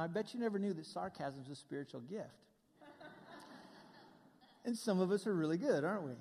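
Man, middle-aged, pastor, conversational sermon, high-pitched, echoing hall. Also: a little mellow. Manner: conversational preaching with asides to the congregation.

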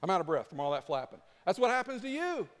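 A man preaching a sermon as pastor, animated and acting out his points with rising intensity. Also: high voice, fast. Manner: animated, acts out flapping with rising volume. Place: church sanctuary. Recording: long reverb of a church hall.

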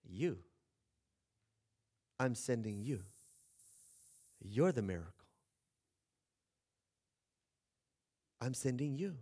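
A man voicing a calm, commanding male angel, speaking low and deliberately in a sermon. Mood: solemn.

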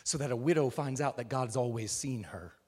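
A male preacher delivering a sermon emphatically, often raising his voice to a shout. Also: mid-range voice, a little fast, husky. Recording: reverberant hall.

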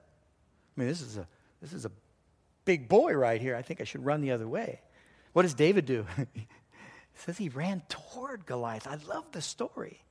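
A man preaching a sermon, telling a story with lively delivery, sometimes dropping to a hushed voice for emphasis. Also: medium pitch, normal speed. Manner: animated storytelling, acts out voices and sounds. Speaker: pastor.

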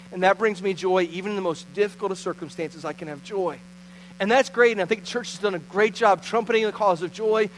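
High-voiced man preaching a sermon. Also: a bit bright, a little hiss or hum, low-quality recording. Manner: conversational, storytelling, self-correcting restarts. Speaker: pastor.

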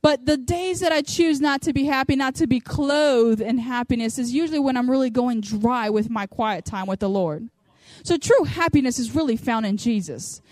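A woman's voice: a little high, moderate pace, a little mellow, no room sound. Chatty storytelling woman preacher. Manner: chatty, storytelling, acts out quotes. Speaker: women's ministry speaker. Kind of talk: sermon.

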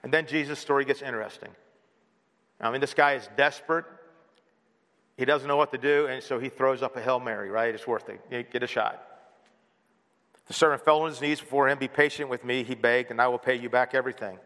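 A man's voice: medium pitch, brisk, pauses often, a bit bright. A man preaching a sermon as pastor, earnest, with many rhetorical questions. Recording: long hall reverb.

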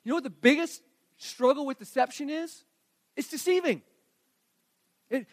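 A man with a strikingly high voice delivers a sermon, moving between hushed scripture reading and emphatic, rising appeals. The sound is close and dry, with no room around it. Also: moderate pace, long pauses, no room sound. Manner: earnest preaching, swings from quiet reading to emphatic rising delivery. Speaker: pastor.

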